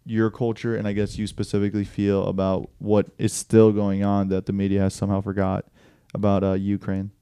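A man co-hosting a casual chat, swearing freely and quoting people in animated bursts. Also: lowish voice, brisk, hardly any pauses, smooth.

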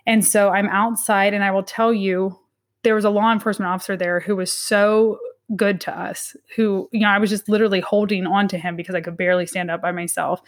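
Speaking as an interview guest, a female academic in her thirties tells a story from her own life, earnest yet halting, with frequent false starts. She has a mid-range voice and a flat delivery.

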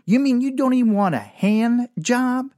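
A woman's voice: fairly high pitch, lively intonation, a little slow, mellow, pitched above the performer's own voice. A man voicing a brash, indignant, foul-mouthed streetwalker woman in a comic story. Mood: pushy.

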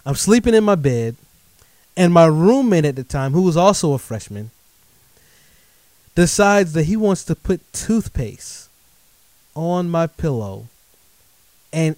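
A middle-aged man telling a true story in a lively monologue, speaking directly to his listeners. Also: a little high, no room sound. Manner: animated, addresses audience directly as folks.

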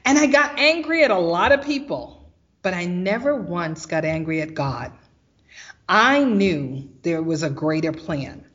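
A woman guest telling a personal story of hardship and faith, animated and acting out the voices of others. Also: fairly low pitch, unhurried, muffled recording. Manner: animated, acts out quoted voices.

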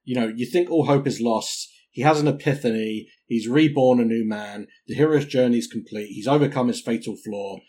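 A man co-hosting a casual film podcast, relaxed and wry. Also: mid-range voice, brisk, few pauses. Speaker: podcast co-host.

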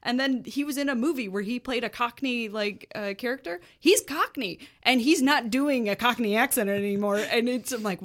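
A woman co-hosting a podcast in casual chat, eager and chatty with quick laughs. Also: fairly high pitch.

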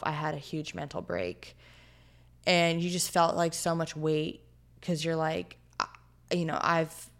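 A young woman in her twenties with a notably low voice talks through a story in a relaxed interview. She is earnest and heartfelt, and her speech is loose and full of "like" and "you know.". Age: 20s. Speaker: podcast guest.

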